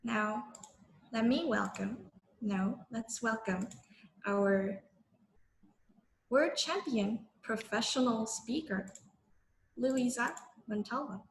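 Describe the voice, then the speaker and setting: Upbeat woman hosting a club meeting on a video call, unhurried delivery, roomy echo. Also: a little high, a little hiss or hum. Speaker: meeting host. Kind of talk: introducing speakers at a club meeting.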